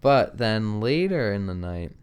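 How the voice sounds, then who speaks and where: A man's voice: on the low side, very animated, unhurried, a little mellow, smooth. A man who works at a restaurant, rambling through a work story in casual chat and acting out what people said. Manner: rambling storyteller, lots of likes, acts out quotes. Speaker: restaurant worker telling a story.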